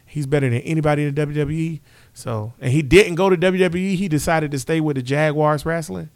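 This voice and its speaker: A man's voice: on the high side, a little fast, dry recording, studio quality. Brash trash-talking man. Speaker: podcast host. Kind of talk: casual sports chat.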